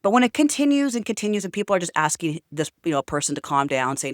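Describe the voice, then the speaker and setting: A woman's voice: lowish voice, big pitch swings, quick pace, dry recording, clean studio sound. A woman telling a story to camera in a casual, outspoken rant. She swears freely and fills her talk with chatty asides. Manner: chatty with many fillers. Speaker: vlogger.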